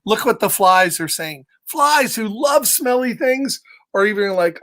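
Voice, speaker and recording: A man's voice: sits high, expressive, measured pace, fairly bright tone. A man reading a picture book aloud to children, playful and chuckling as he talks to his young listeners. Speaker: children's storyteller.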